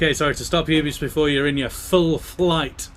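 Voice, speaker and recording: A man's voice: fairly high pitch, steady tone, fairly quick. A man leading an online choir rehearsal. He talks through the music, often singing phrases to demonstrate. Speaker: choir director.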